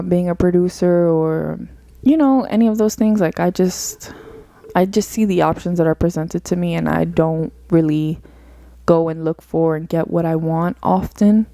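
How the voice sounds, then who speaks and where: A young woman musing aloud on her own podcast, earnest and rambling, leaning on fillers as she thinks. Her voice sits a little low for a woman and has a soft, mellow tone. The sound is dry and close, with no room around it. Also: gravelly, no echo. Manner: earnest, rambling, uses many fillers like "like" and "you know". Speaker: podcast host. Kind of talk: reflective solo podcast monologue.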